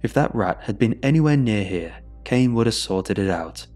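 A man voicing a bad-tempered, hostile father who snaps and yells threats. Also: lowish voice, animated, moderate pace, soft background music. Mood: angry, threatening. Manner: snapping, yelling, menacing.

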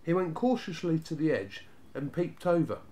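A man narrating a children's storybook in a steady, even reading voice. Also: on the high side, moderate pace.

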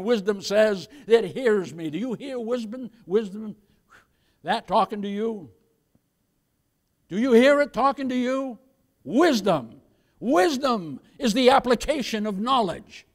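A man preaching a sermon, his voice pitched unusually high for a man. He preaches with emphasis, turning often to his listeners as "beloved" and asking them for an amen. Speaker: pastor.

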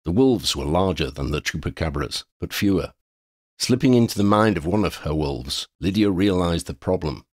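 Deep voiced man reading a fantasy audiobook, very dry close mic, lively delivery. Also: moderate pace, dry recording. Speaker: audiobook narrator. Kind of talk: scripted narration.

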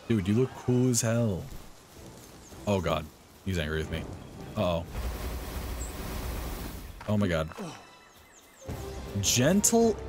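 A young man streaming a video game live, talking excitedly to the characters on screen. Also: sits low. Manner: excitable, talks to the game's characters. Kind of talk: live gameplay commentary.

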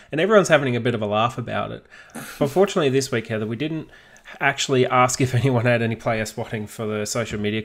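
A man's voice: medium pitch, fairly bright tone. Easygoing Australian man co-hosting a podcast. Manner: easygoing, laughs often, reads listener questions. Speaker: podcast co-host. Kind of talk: casual podcast chat.

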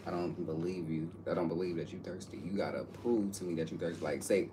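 A man's voice: low voice, steady tone, quick pace, crowd noise. A man in joking banter, teasing and bossing his friend around playfully. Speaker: co-host.

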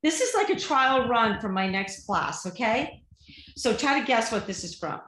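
A woman from Vermont co-hosting a podcast, talking loudly and with animation. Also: on the high side, normal speed. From Vermont, USA. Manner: loud, projecting, animated. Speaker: podcast co-host. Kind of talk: casual chat. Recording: roomy echo.

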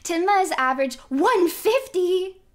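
A woman with a high, bright-pitched voice, chatting casually to her viewers as she plays. She is giggly and playful and laughs often between her thoughts. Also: expressive, unhurried. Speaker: streamer. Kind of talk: casual chat while gaming.

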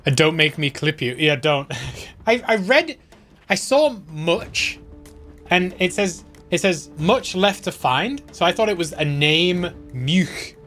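Man, let's play commentary, chatty, self-mocking, a bit high-pitched, soft game music underneath. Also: animated, slow pace. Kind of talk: casual gameplay commentary.

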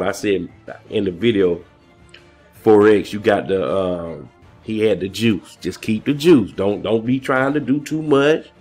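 A man with a fairly low voice rambles through a casual vlog, excitable and slangy, handing out shout-outs. He sounds a little out of breath. Faint music plays underneath. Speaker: crypto vlogger.

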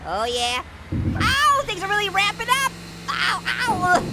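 A man's voice: very high-pitched, very animated, unhurried, heavily acted. A man voicing a hyper, giggly talking orange that makes puns while commenting on a game. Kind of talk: gameplay commentary. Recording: noisy recording.

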